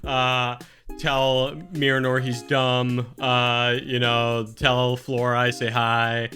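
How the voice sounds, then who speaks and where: A man's voice: medium pitch, monotone, slow, pushed and bright, soft background music. A man playing a tabletop game in casual chat, goofy and playful, often laughing. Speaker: player. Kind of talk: casual tabletop role-play.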